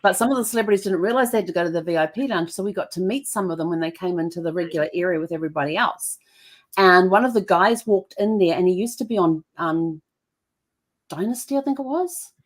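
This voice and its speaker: A woman's voice: on the low side, quick pace. A middle-aged woman hosting an online show, telling stories in casual chat with frequent fillers and laughs. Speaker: show host.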